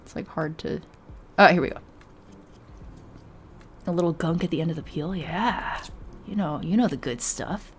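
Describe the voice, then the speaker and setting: A woman's voice: on the low side, normal speed, pauses often, a little hiss or hum. A young woman streamer chatting casually with her viewers, giggling often and reading chat aloud.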